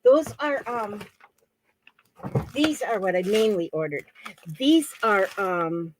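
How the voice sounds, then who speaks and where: A woman's voice: mid-range voice, expressive, slow pace, background noise. A middle-aged woman from Florida chatting casually while crafting, often wandering off topic. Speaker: crafting vlogger. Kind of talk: casual rambling chat.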